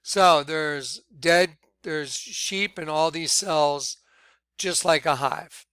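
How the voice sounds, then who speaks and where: A man leading a ministry, talking viewers through images on his screen in an excitable, repetitive way. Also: on the high side, very slow, smooth, no room sound. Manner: excitable, repeats himself, points things out to viewers. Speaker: ministry leader presenting on screen. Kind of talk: screen-share commentary.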